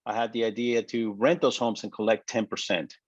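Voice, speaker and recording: A man telling his personal story in an interview, with emotional, halting delivery and many fillers. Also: fairly low pitch, steady tone, slightly rough, no room sound, dull audio. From United States. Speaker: interview guest, business owner.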